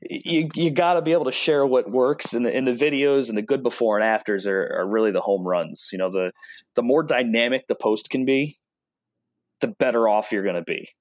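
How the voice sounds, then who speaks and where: A man's voice: medium pitch, fairly quick, no echo. Casual male guest, chatty storyteller who acts out quotes, dry close sound. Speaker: automotive product rep and guest. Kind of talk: casual interview talk.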